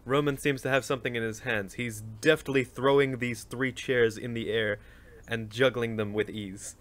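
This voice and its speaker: Patient game master narrating. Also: male voice, mid-range voice, steady tone, normal speed, fairly bright tone. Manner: patient, explaining rules.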